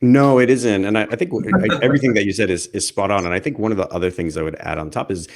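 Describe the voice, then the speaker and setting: A man speaking quickly in a somewhat low voice, telling stories as an interview guest. He rambles with frequent restarts and acts out his own past remarks. The tone is lively and conversational. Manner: fast, rambling, with many restarts.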